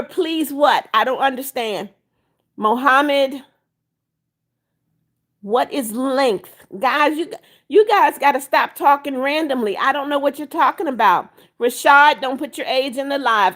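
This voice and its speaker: A woman's voice: high-pitched, unhurried, fairly bright tone. An older woman hosting a live stream, reading viewer comments aloud, greeting people by name and firmly scolding rule breakers. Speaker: livestream host.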